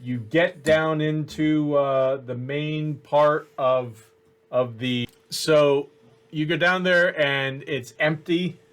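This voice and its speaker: A man running a tabletop game as game master, narrating at an unhurried pace with many fillers. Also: on the high side, fairly even intonation, smooth.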